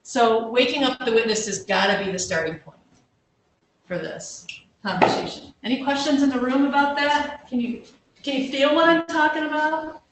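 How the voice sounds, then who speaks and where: A woman counselor with a high-pitched voice speaks at a normal pace, giving an informal workshop talk that's conversational and self-deprecating. She often restarts and asks questions to check the audience is following. The mic is distant, so her voice sounds far off in a very echoey room with a faint hum in the background.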